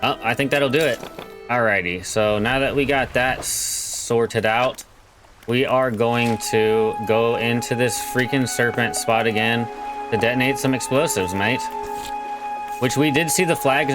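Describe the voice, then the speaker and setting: A man's voice: medium pitch, moderate pace, poor audio. Laid-back male let's-play host, slangy, joking, faint game music behind. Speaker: gaming channel host. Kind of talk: casual let's play commentary.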